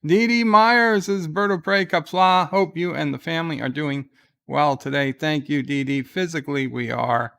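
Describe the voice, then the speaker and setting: A man's voice: fairly high pitch, moderate pace, gravelly, sharp tone, smooth. A weary man hosting a casual livestream at home, reading viewer comments aloud with wry asides. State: exhausted. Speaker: livestream host. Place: at home in bed.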